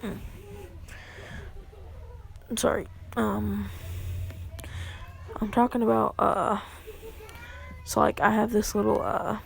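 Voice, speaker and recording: Creaky rambling young woman storyteller. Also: medium pitch, flat delivery, takes it slowly, long pauses. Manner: rambling, full of "like" and fillers. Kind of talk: casual fan-fiction storytelling.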